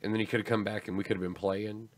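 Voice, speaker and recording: A stream host with a fairly low, level voice chats casually at a racing pace, rambling in a laid-back way and often letting his sentences trail off. There's no echo on the recording.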